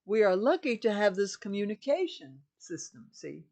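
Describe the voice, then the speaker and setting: A woman's voice: mid-range voice, very animated, moderate pace, a little mellow. Older lady guru preaching, keeps repeating her points, strong emphatic talk. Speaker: spiritual teacher. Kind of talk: spiritual teaching monologue.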